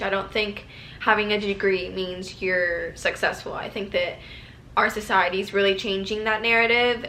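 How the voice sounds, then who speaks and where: A woman in her twenties answers viewer questions in a casual advice vlog, sprinkling her talk with "like" and slang. Her medium-pitched voice is bright and forceful, with slight background noise.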